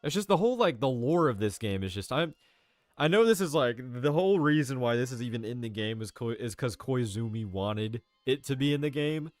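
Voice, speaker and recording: With faint game music behind him, a young man live-streams a game and keeps up casual, profane chatter, throwing "bro" into nearly everything and laughing often. His mid-range voice is expressive and fairly quick, with no room sound.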